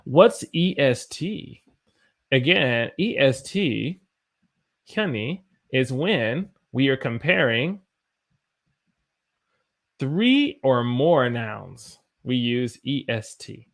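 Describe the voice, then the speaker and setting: Brief: American male English teacher, mid-pitched voice, casual live-stream talk that answers viewers between examples. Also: very animated, extremely slow, pauses often. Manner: stops to self-correct and search for examples.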